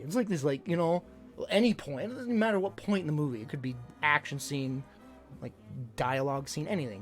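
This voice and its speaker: A man's voice: fairly high pitch, fairly quick, faint music behind. A man streaming live, casually telling stories to his chat and acting out what people said. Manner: animated, acts out quotes loudly. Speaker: livestreamer.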